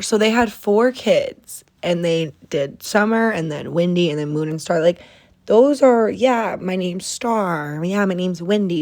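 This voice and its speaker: Young woman ranting on her podcast, all disbelief, cussing and cracking up. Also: mid-range voice. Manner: incredulous, animated, swears, laughs a lot. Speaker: podcast host. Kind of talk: casual solo podcast rant.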